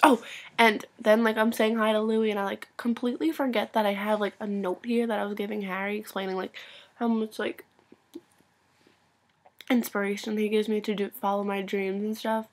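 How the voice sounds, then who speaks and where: A young woman telling an excited story for her vlog, gushing and full of "like," sometimes dropping to a whisper. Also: mid-range voice, moderate pace. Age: young adult. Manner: gushing, breathless, constant "like" filler; swings between loud excitement and hushed whispers. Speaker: vlogger.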